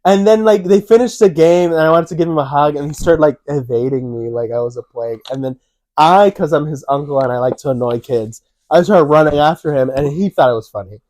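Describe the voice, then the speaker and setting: A young man with a fairly high, mellow voice tells stories in a casual chat, jumping into acted-out quotes with a lifted voice. The sound is close and dry, with no room around it. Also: fairly quick, no echo. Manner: animated, acts out quotes in a raised voice. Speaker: co-host.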